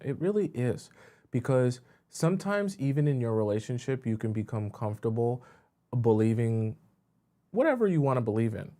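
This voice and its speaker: A man's voice: medium pitch, expressive, fairly quick, mellow. A man hosting a casual reaction stream on a pin mic, talking straight to his viewers with many fillers. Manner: chatty, addresses viewers directly, many fillers. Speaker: host reacting to videos.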